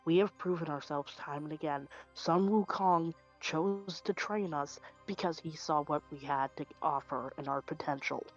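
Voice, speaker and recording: A woman's voice: sits low, moderate pace, few pauses, highs cut off, soft background music. A woman playing a steadfast male knight who speaks earnestly and encouragingly as he rallies his friends, in a tabletop game.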